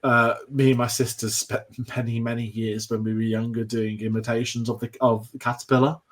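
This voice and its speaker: A man's voice: medium pitch, level tone, brisk. A man co-hosting a film podcast, chatting enthusiastically and rambling with restarts. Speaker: podcast co-host. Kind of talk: casual film discussion.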